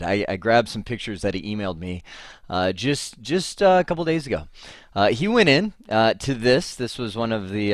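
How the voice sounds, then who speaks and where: A middle-aged man teaching an IT course, who tells stories in a lively way and acts out both sides of a phone call. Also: on the low side, no echo, clean studio sound. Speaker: IT instructor. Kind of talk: casual lecture with a told anecdote.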